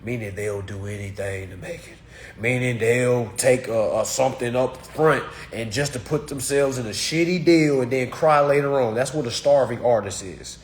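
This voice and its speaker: A man, giving a blunt, preachy talk to his course students that swings between loud and muttered. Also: mid-range voice, moderate pace. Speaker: course teacher. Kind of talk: blunt motivational rant.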